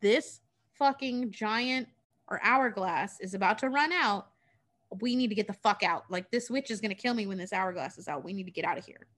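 A woman's voice: medium pitch, normal speed, a bit bright, lightly acted. A woman voicing a frightened, captured young girl who pleads frantically and swears. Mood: frantic.

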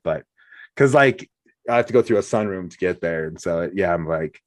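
A deep-voiced male host chats casually at a moderate pace in a dry, studio-quality recording. He's an animated storyteller who acts out what people said.

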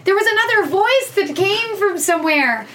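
A woman's voice: very high-pitched, animated, a bit bright. A woman playing a flustered actress trying to get to her audition, asking question after question, in an improvised comedy scene. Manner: quick, questioning, exasperated. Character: flustered young actress stuck before an audition.

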